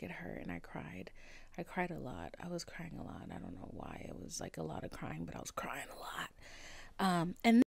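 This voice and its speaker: A woman in her twenties telling a story to camera in a casual vlog, swearing freely and swinging between hushed near-whispers and loud outbursts. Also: on the low side, creaky, dry recording. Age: 20s. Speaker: vlogger.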